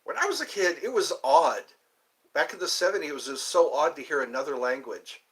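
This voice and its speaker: A fifty-something American livestream host chats in a rambling way, full of tangents and restarts. He speaks fairly quickly in an animated, higher-pitched voice, and the audio is poor.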